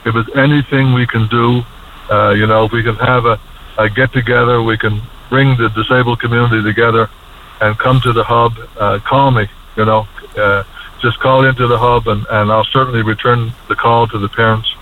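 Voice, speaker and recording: A man's voice: medium pitch, level tone, slight background noise. Choked-up man calling in on a tinny phone line. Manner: choked up, halting and repetitive. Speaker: caller to a radio show. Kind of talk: emotional call-in talk.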